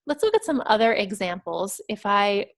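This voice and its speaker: A woman teaching English exam writing, explaining vocabulary clearly and patiently, step by step over slides. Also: medium pitch, expressive, normal speed, a bit bright.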